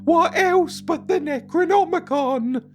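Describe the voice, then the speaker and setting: A man voicing a haunted, fearful man with an English accent in a raised, high voice. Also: slow pace, faint music behind. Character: haunted man who read a cursed book.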